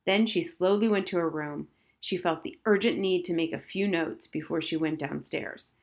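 A woman reading a children's novel aloud as audiobook narration in a clear, measured way. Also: lowish voice. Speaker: audiobook reader.

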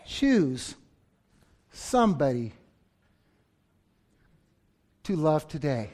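A man preaching a sermon, swinging from loud outbursts to near-whispers, acting out story voices with humor. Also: fairly high pitch, big pitch swings, slow pace. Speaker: pastor.

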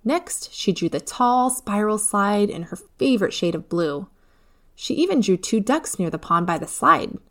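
A woman narrating a children's storybook in a clear, even reading voice. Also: medium pitch, normal speed.

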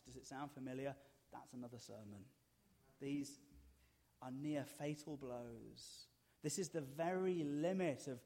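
Wry, animated male preacher. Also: fairly high pitch. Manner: animated, wry humor, emphatic repetition. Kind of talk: sermon.

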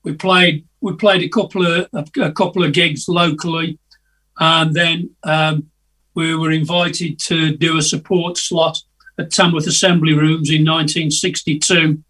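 An older guest musician tells rambling stories in a casual video-call interview, hesitant and chatty and often laughing at his own tales. His voice is a little high, husky, pushed and bright, with little pitch movement and a measured pace. He sits a bit distant from the mic.

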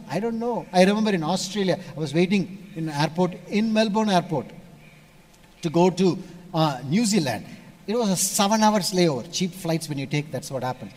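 A man from India, preaching a sermon and telling stories, switching between loud emphasis and hushed asides. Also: high-pitched. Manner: storytelling, animated shifts between loud and hushed.

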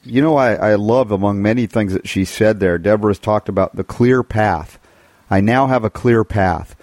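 Guy co-hosting a talk show, lowish voice, eager and emphatic, dry sound. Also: normal speed, a little mellow, no room sound. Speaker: co-host. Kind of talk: casual talk-show chat.

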